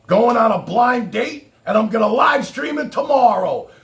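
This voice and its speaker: Boastful, rambling livestream man, gravelly. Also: very high-pitched, expressive, moderate pace, a bit bright. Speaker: livestream host. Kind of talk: casual livestream chat.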